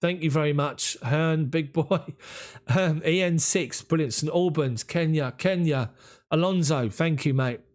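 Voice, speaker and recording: A man's voice: a little high, a little slow. A man with a London accent hosting a live football watch-along, chatting and thanking viewers by name as he reads their comments. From England. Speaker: football fan channel host.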